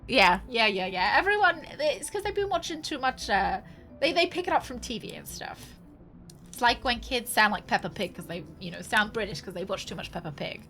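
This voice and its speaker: A woman's voice: fairly high pitch, big pitch swings, a little fast, sharp tone, soft background music. A young adult woman streaming a game, chatting casually and giggling as she reacts and reads along. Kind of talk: casual gameplay commentary, reading game dialogue aloud.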